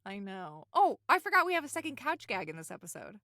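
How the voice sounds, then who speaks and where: Woman podcast co-host, casual chat, giggly, very lively and animated pitch, bright tone, dry close sound. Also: no echo. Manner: giggly, quotes lines in quick put-on voices. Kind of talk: casual chat recapping a cartoon episode.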